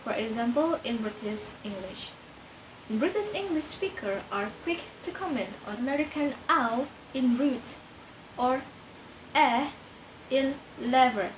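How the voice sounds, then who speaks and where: A young woman reads her class presentation from notes, stopping to imitate example sounds. Her voice sits slightly high. Clear background noise runs under the recording. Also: lively intonation, measured pace, rough recording. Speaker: student presenter.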